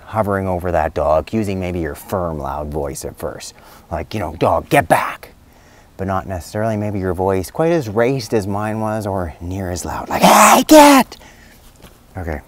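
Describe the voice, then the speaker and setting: Deep-voiced man giving chatty vet advice. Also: normal speed, a little mellow. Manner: chatty, rambling, with many fillers and restarts. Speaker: veterinarian. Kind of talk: casual spoken advice video.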